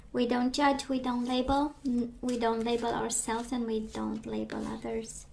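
A woman losing her voice gives a gentle, reassuring tarot reading, talking with many fillers. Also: on the high side, vocal fry, a little hiss or hum. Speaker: tarot reader.

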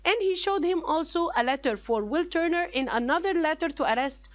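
A woman's voice: sits high, animated, highs cut off. Egyptian woman teacher explaining a story. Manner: explains step by step with many pauses and fillers. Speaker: English teacher. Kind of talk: classroom reading lesson.

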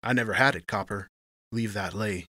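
A man's voice: fairly low pitch, normal speed, bright, forceful tone, dry recording, clean studio sound. A man doing a snarling hard-boiled gangster. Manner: snarling, clipped tough-guy talk. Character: tough wary male gangster, harsh and sardonic. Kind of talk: audiobook reading.

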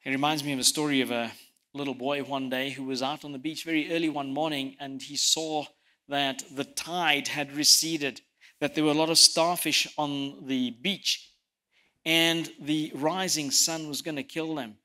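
A man preaching a sermon, telling stories and swinging from loud emphasis to soft, quiet lines, sometimes repeating words as he presses a point. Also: on the high side, fairly even intonation, moderate pace. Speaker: pastor.

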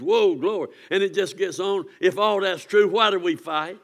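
A man's voice: moderate pace, hardly any pauses. Fiery preacher man. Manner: impassioned preaching, rising to near-shouts and dropping low. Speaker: pastor. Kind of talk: sermon.

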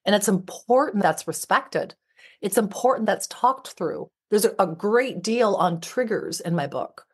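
A middle-aged woman, a relationship expert and author, appears as a podcast guest and speaks in a heartfelt, emphatic way, repeating her phrasing. Her mid-range voice is animated and slightly rough, and she takes her time.

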